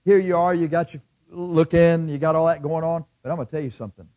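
A middle-aged man preaching a sermon, swinging between loud bursts and hushed asides and acting out the voices of his listeners. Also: a little high, fairly even intonation, quick pace. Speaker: pastor.

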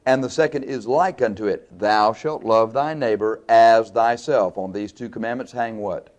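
Preaching a sermon at a moderate pace, a man poses questions to his listeners and then answers them himself. His pitch and loudness swing widely, rising and falling throughout.

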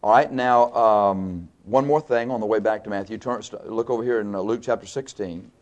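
This man delivers a sermon at normal speed, and the audio sounds dull. He asks the congregation questions before supplying the answers, letting his volume and pitch climb and drop across a wide range.

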